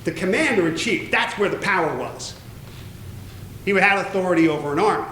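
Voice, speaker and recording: A man's voice: high-pitched, animated, a little fast, pushed and bright. A man who is a church warden gives a conversational public lecture to a live audience indoors. He explains terms in a loose way and often asks the audience "right?". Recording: roomy echo, faint background noise.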